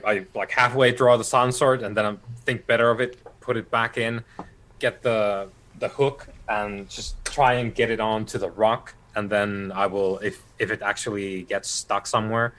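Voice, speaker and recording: A man playing a tabletop game, planning his character's moves in a halting, thinking-aloud way. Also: on the low side, a bit bright, poor audio. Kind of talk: casual game talk.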